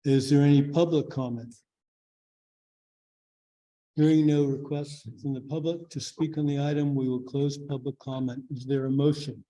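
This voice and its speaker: A man chairing a city commission meeting, reading agenda items in a procedural, measured way. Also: mid-range voice, level tone, mellow, poor audio. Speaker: commission president. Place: government meeting room.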